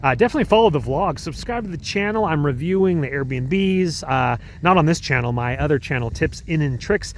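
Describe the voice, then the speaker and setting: A man's voice: a little high, expressive, brisk, few pauses, slight background noise. An American man talking casually as a travel vlogger, rambling and correcting himself with upbeat slang while skiing outdoors. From United States. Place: outdoors on a ski slope.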